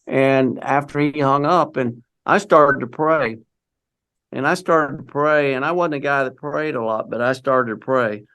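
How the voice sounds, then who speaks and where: Gravelly-voiced man telling his story. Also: medium pitch, a bit bright. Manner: rambling, with many restarts and quoted dialogue. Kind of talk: casual storytelling.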